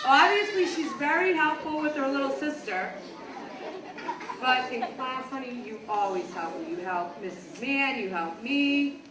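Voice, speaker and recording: A woman teacher praising young students one by one at a school assembly. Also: a little high. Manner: warm praising, addressing young children. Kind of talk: award presentation at a school assembly. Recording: echoey hall, distant mic, crowd noise.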